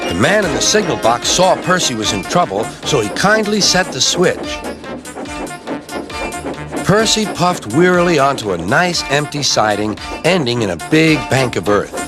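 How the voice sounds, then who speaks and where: A man reading children's train stories aloud in a lively storybook narration. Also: normal speed. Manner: lively, jumps high for characters' cries. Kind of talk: storybook narration with character voices. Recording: music playing behind.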